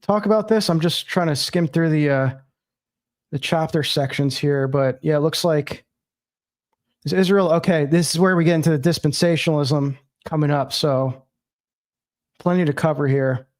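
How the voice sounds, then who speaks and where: A man's voice: a little high, normal speed. A man hosting a livestream, talking casually and rambling with many fillers. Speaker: livestream host.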